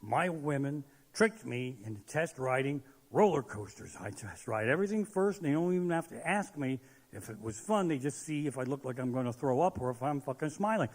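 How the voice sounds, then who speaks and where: A man doing a profane stand-up comedy set on stage, ranting and shouting his punchlines. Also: medium pitch, expressive, brisk, hardly any pauses. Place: live comedy stage in a large hall. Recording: live venue with long hall reverb.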